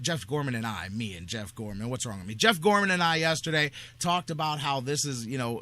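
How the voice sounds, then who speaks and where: A man hosting a sports talk radio show, talking in an energetic, rambling, excitable way. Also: a little high.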